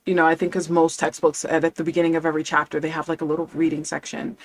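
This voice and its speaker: A woman's voice: sits low, flat delivery, racing. A woman language coach in casual live-stream chat, enthusiastic and chatty, laughing often as she talks.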